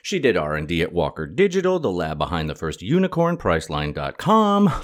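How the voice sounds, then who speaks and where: A jokey male podcast host chatting with a guest. His voice sits on the low side but swings up and down a lot. The sound is casual and playful. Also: huge pitch swings, brisk. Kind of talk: casual interview chat. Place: home in London.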